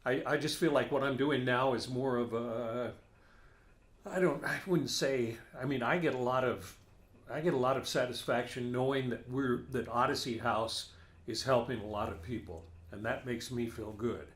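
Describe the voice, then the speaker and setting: A man co-hosting a casual talk podcast, musing about his work and trading friendly banter. His voice is mid-pitched and picks up an echo from the room. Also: fairly even intonation, normal speed. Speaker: podcast co-host. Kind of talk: casual chat.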